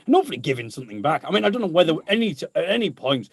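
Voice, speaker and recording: A man's voice: fairly high pitch, big pitch swings, racing, vocal fry, slightly rough, no echo, clean studio sound. A man, a guest musician chatting casually and laughing often at himself. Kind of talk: casual chat.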